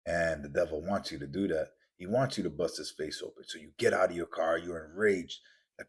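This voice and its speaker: A man's voice: low-pitched, brisk, breathy edge. A man hosting a podcast, delivering an intense, preachy motivational monologue with lots of repetition. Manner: intense, preachy, repetitive, acts out quoted voices. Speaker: podcast host.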